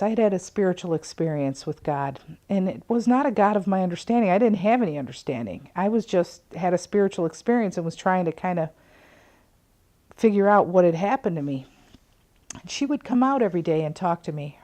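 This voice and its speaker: A middle-aged woman hosting a recovery talk show, telling a personal spiritual story in an earnest way and often dropping to a soft near-whisper. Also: fairly low pitch.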